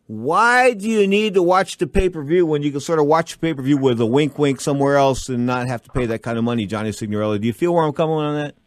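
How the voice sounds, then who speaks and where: A man hosts a radio talk show in a fairly high voice and tells rambling stories with plenty of energy. The sound is close and dry, with no room around it. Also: quick pace, hardly any pauses, dry recording. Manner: animated, rambling storyteller.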